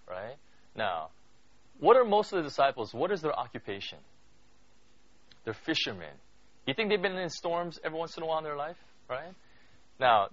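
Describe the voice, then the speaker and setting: A man's voice: medium pitch, fairly bright tone. A man giving a conversational Bible study sermon, asking listeners questions and filling his talk with "you know" and "right?". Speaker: Bible teacher. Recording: dull lo-fi dry recording.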